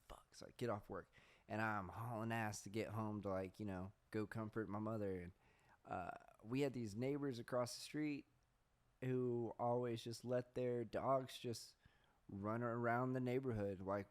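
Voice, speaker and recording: With a lowish, steady voice at a moderate pace, this young podcast host rambles casually through stories. He swears frequently, laughs at his own expense and reads search results out loud.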